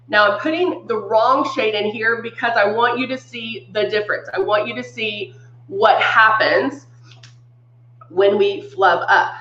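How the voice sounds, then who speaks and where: A woman's voice: fairly high pitch, a bit bright, reverberant, highs cut off. A woman hosting a live makeup demonstration, chatting upbeat with viewers and greeting them by name, a little congested. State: congested from sinus trouble. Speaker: makeup brand live-stream host.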